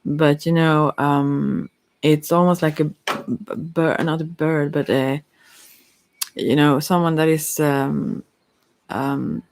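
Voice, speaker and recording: Softspoken ASMR chakra reading, native Swedish speaker, slow, halting, teary, gravelly fry. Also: medium pitch, fairly even intonation. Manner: halting, hesitant, with many fillers. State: teary-eyed. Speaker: psychic card reader.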